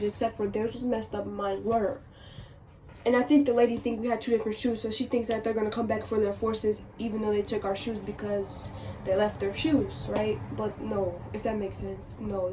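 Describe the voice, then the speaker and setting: Animated woman telling a story, distant mic. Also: mid-range voice. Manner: animated, exasperated, repeats herself. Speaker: vlogger. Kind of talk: casual storytime. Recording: distant mic with noisy background.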